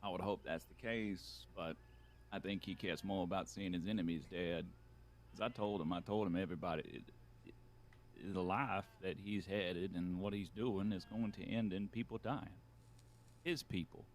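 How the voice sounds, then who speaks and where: A man's voice: deep voice, fairly even intonation, normal speed, a little hiss or hum. A man roleplaying a reflective frontier outlaw, talking in a musing, meandering, dry way. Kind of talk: in-character roleplay.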